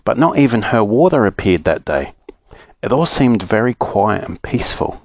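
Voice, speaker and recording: An Australian man, a storytelling dad, reading a children's book aloud in an expressive narrating voice. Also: on the low side, normal speed, no room sound.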